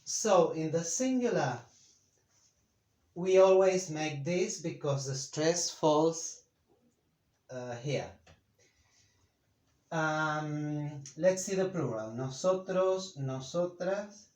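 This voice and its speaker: A man teaching a Spanish grammar lesson in English, speaking slowly and deliberately with frequent fillers and pauses. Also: fairly high pitch, a little mellow. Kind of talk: slow, careful grammar lesson. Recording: echoey room.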